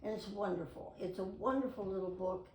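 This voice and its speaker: A woman's voice: mid-range voice, fairly quick, darkish tone. Chatty woman in her nineties, echoey. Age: 90s. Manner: chatty, with theatrical read-aloud passages. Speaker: voice actress. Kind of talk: casual storytelling to camera. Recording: echoey room, mic at a distance.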